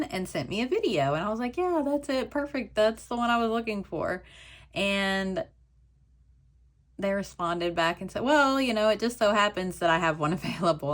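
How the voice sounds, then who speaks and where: A woman vlogging a stationery haul, chatting through a story, then gushing with emotional, breathless exclamations as she unboxes. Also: on the low side. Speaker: stationery YouTuber. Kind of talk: casual haul vlog, unboxing.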